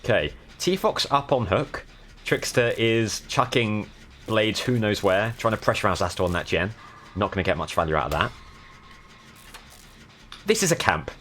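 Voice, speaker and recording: A young southern English streamer chats through his live gameplay at a moderate pace, thanking his viewers as they follow along. His voice is fairly low and somewhat bright, with lively intonation and long pauses.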